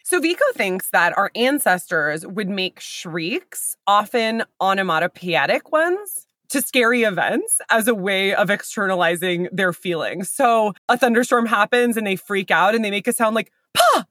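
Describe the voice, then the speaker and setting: A woman's voice: medium pitch, expressive, normal speed, hardly any pauses, fairly bright tone, no room sound, studio quality. A woman co-hosting a casual scholarly discussion, asking probing questions in a playful, inquisitive way and laughing often. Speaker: podcast co-host.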